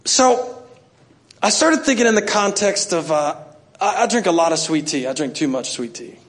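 A man's voice: sits high, expressive, normal speed, a bit bright. A middle-aged man, preaching a sermon and telling stories with self-mocking humor and acted-out asides. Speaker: pastor.

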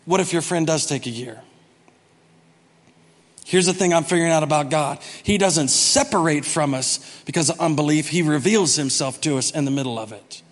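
A man's voice: a little high, normal speed, in a large hall. A man preaching a sermon as pastor, talking to the congregation in a conversational way and acting out quotes.

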